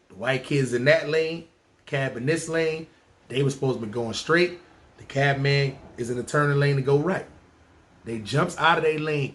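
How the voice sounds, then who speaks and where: A man from New telling a story on his podcast, lively and full of slang and profanity. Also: medium pitch. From New York. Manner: animated, profane, slangy, talks to listeners. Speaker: podcast host. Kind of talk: storytelling monologue.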